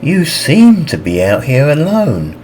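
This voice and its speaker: A male audiobook narrator voicing an eager, fast-talking female harpy huntress. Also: fairly high pitch, huge pitch swings, darkish tone, a little hiss or hum, voice pushed up, heavily acted. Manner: quick and eager.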